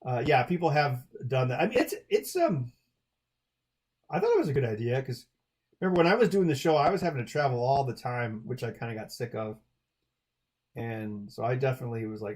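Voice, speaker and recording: A man's voice: mid-range voice, animated, fairly quick. A man hosting a charity livestream, answering viewer chat in a loose, rambling way with lots of fillers and restarts.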